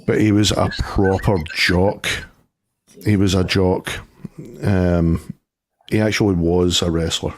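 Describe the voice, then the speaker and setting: A man's voice: low-pitched, level tone, darkish tone. A middle-aged Scottish man telling stories in a casual chat, laughing easily. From Scotland. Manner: storytelling, quick to laugh. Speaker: co-host.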